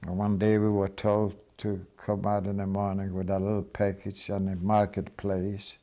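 A man's voice: low-pitched, monotone, normal speed, dark tone. An older man giving plain, matter-of-fact testimony as a Holocaust survivor. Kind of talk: personal testimony.

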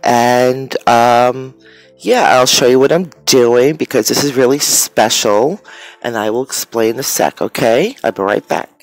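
A woman's voice: very deep voice, measured pace, dry recording, faint music behind. A woman in her forties chatting casually and rambling a bit, with lots of fillers, as she shows her craft materials. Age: 40s. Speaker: crafter vlogger. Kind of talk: casual chat while showing art materials.

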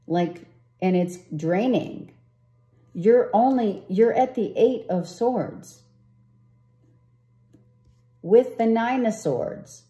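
A woman's voice: medium pitch, lively intonation, extremely slow, pauses often, mellow, echoey room. A woman giving a casual tarot reading, rambling and often asking "right?". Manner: rambling, repeats herself, asks "right?". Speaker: tarot reader.

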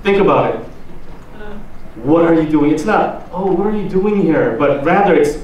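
A pastor with a Korean accent giving a slow sermon, asking the congregation drawn-out questions. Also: male voice, a little high, animated, a little mellow. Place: church hall. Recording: roomy echo, distant mic, faint noise.

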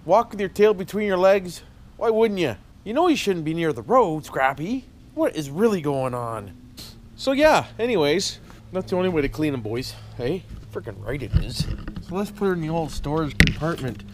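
Canadian male vlogger, casual folksy banter, animated pitch, faint background noise. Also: normal speed. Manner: jokey, folksy, tags lines with "eh" and "why wouldn't I". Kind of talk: casual chat to camera.

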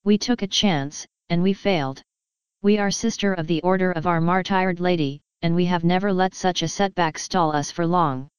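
Woman doing a firm, earnest young warrior sister, lowish, clean tone. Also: moderate pace, clear, resonant tone, dry recording, lightly acted.

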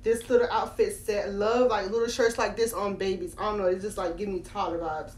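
A teenage girl from Florida excitedly unboxing on her phone, talking straight to her viewers. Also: medium pitch, brisk. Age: late teens. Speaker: doll collector vlogger. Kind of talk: casual unboxing vlog. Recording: echoey room, faint background noise.

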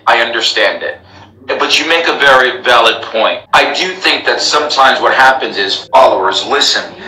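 A man's voice: mid-range voice, sharp tone, echoey room, recorded from a distance, poor audio. An American man who teaches English, speaking emphatically in a live interview, repeating himself and addressing his followers. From United States. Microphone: laptop call.

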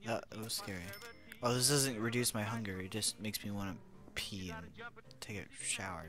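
A young man giving goofy, playful commentary over a video game, chatting to the characters and swinging between loud outbursts and hushed whispers. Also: on the low side, fairly even intonation, normal speed, over music. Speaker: gaming commentator.

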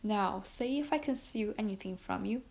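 A woman narrates a classic novel as an audiobook, reading both sides of a dialogue without strong character voices. Her voice has a creaky, gravelly edge at a middle pitch, and she now and then stumbles and corrects a word. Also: normal speed, darkish tone. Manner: reads every part in much the same voice, small slips. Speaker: audiobook reader.

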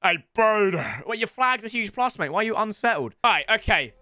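Young gamer streamer, high bright voice, swooping pitch, loud banter over a football game, close dry mic. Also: male voice, a little fast, dry recording, faint music behind. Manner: excitable, banter-filled and loud, swinging into mock impressions. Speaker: gaming streamer. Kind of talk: live game commentary.

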